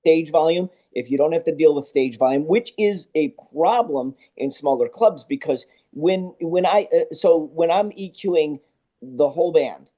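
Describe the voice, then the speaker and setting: A man with a very dark, mellow voice, talking casually as a guest on a podcast. He tells anecdotes with lively energy, playing out both sides of the conversations he remembers. The recording sounds dull and lo-fi. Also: fairly high pitch, unhurried. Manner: animated anecdote-telling, acts out both sides of dialogue. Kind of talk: casual storytelling interview.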